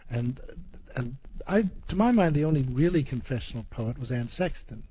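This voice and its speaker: A man reading a poem aloud and then talking about it, halting and repeating words as he explains. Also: mid-range voice, expressive, mellow, slightly rough, poor audio. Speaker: poet and guest discussing poetry. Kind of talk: poetry reading and discussion.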